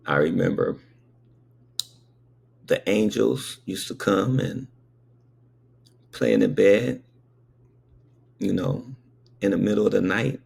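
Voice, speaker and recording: A man's voice: fairly low pitch, gravelly, darkish tone, slightly rough. A man in his fifties telling childhood memories in a meandering, conversational way, with frequent asides to the listener. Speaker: storyteller. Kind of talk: casual spoken recollection.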